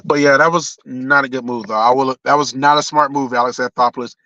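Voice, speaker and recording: A man's voice: medium pitch, steady tone, brisk, bright, forceful tone, no room sound. Blunt man ranting on a stream. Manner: blunt and profane, with frequent restarts. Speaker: live streamer. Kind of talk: casual live-stream sports rant. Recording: dull lo-fi stream audio.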